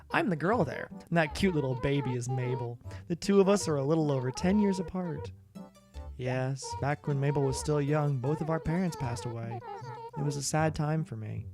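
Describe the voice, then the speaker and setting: A man voicing a gentle, shy female hedgehog seamstress in a video game, with a sweet, soft, tender manner. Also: a little high.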